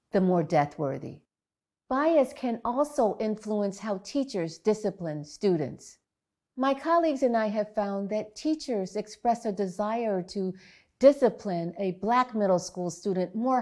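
Researcher lady giving a talk, takes her time, earnest, kinda mellow voice. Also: medium pitch. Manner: measured, earnest storytelling. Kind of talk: prepared public talk.

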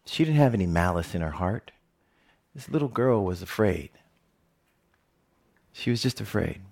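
A middle-aged man, a television reporter, telling a personal story in a talk with animated, joking delivery. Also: moderate pace, creaky. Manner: animated, jokey storytelling with big pitch swings.

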